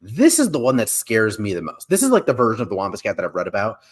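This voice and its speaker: A man's voice: lowish voice, huge pitch swings, fast. A young man co-hosting a casual pop culture podcast, rambling with lots of fillers and restarts. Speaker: co-host.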